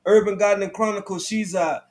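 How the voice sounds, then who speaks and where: A man's voice: sits high, steady tone, moderate pace. A man from Texas with a Texan accent, co-hosting a casual live stream in a folksy, laid-back way.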